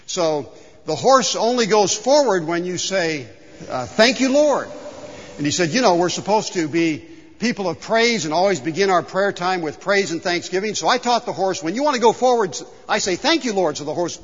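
A man preaching a sermon as pastor in a church, telling a folksy story with lively exclaimed punchlines. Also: high voice, in a large hall, lo-fi sound. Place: church sanctuary.

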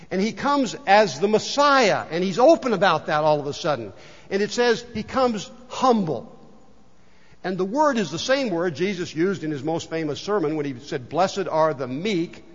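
Pastor, male, high voice, lively sermon delivery, muffled sound with long hall echo. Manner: animated preaching, drops to soft emphasis.

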